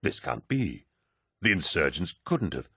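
A man voicing an older male scholar and advisor, calm and rational, in a reassuring, reasoning manner as an audiobook character voice. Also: low voice, a little slow, slightly rough, no echo, clean studio sound, full character voice.

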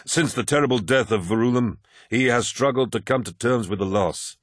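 A man's voice: mid-range voice, moderate pace, no room sound, studio quality, natural voice. A man voicing a charismatic male warlord who speaks to his followers in a grand, persuasive, theatrical way, read as an audiobook character.

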